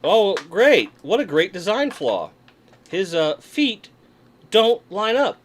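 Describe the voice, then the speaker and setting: A man's voice: high voice, very animated, slow pace, a little hiss or hum. A man hosting a casual livestream from his desk, chatting and joking with viewers while unboxing toys. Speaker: livestream host. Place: home room at a desk.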